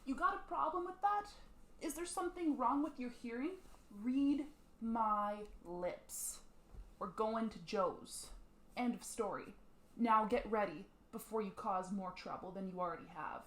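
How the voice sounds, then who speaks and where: A woman voicing a domineering husband in an acted role-play, talking in a gruff, dismissive, bullying way. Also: medium pitch, moderate pace, echoey room, close to an everyday voice.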